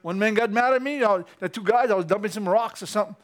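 A male preacher, giving an animated sermon in church that climbs to excited peaks. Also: high voice, quick pace.

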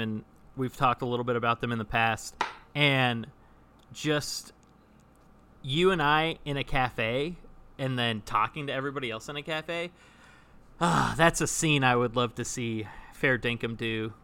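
A man's voice: medium pitch, bright, forceful tone, smooth. A man co-hosting a casual podcast chat about improv, enthusiastic and full of restarts. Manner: chatty, enthusiastic, restarts often. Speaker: podcast co-host.

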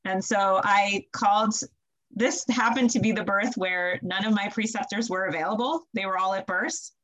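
A young woman, a student midwife, telling stories in a casual podcast interview, animated and quick to laugh. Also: mid-range voice, low-quality recording. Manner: animated, laughs often, acts out quotes with her voice.

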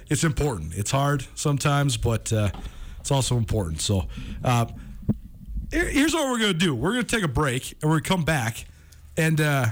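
A man hosting a sports radio show, talking in a casual, energetic way and saying "man" often. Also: mid-range voice.

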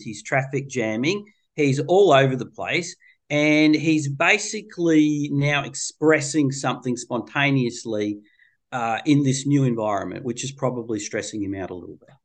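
Animated, colloquial man. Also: mid-range voice. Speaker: child therapist. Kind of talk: interview storytelling.

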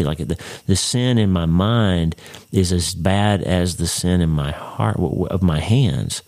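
A man's voice: deep voice, unhurried, darkish tone. A man hosting a faith podcast, teaching Bible study in an earnest, conversational way and putting direct questions to the listener. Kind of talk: devotional teaching.

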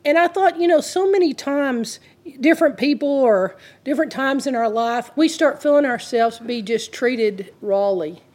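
A woman with a slightly high voice, preaching in a casual, talky way. She works through a story with earnest feeling and quotes the people in it as she goes. Her tone stays warm and direct, like teaching a congregation. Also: lively intonation, normal speed. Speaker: Christian teacher. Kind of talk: conversational sermon storytelling.

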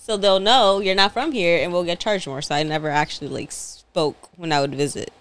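A woman's voice: on the low side, brisk, fairly bright tone. A young woman co-hosting a podcast, chatting casually and laughing as she tells family stories. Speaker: podcast co-host. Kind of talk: casual chat.

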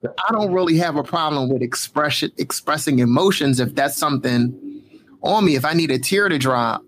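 A man with a slightly higher voice talking in a relaxed group chat. He sounds easygoing and a little wry as he answers. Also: moderate pace.

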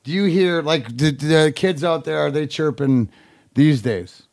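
A man, a former hockey player, telling rough locker-room stories in casual chat, swearing and laughing often. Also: a little high, unhurried, a little mellow, dry recording, clean studio sound. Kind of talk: casual storytelling.

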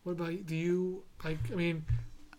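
A young man co-hosting a podcast in casual chat, telling stories and getting animated when he quotes himself. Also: a little high, brisk. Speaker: podcast co-host.

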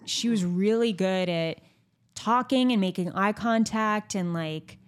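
A woman's voice: mid-range voice, a little slow, clean tone. A young woman hosting a podcast, chatting candidly and frankly, with lots of fillers and some swearing. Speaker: podcast host. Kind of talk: candid casual chat.

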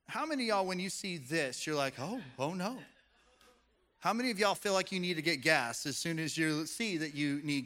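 A man's voice: sits high, sharp tone. A man pastor preaching a playful sermon to a congregation, quizzing the room with questions. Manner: playful, audience-engaging, asks the room questions. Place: church sanctuary with a congregation. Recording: long hall reverb.

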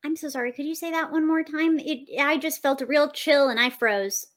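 A woman's voice: high voice, normal speed. A woman playing a tabletop game, talking casually and hesitantly. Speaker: player.

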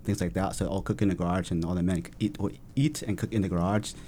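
Man, very deep voice, fast, casual rambling chat, faint background noise. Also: fairly even intonation, warm tone. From family from southern Vietnam. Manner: rambling, many fillers and restarts.

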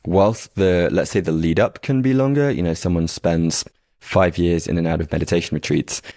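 A man's voice: low voice, normal speed, darkish tone, no echo, clean studio sound. A man hosting an interview, thinking aloud hesitantly with restarts and fillers. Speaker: podcast host. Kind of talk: casual interview chat.

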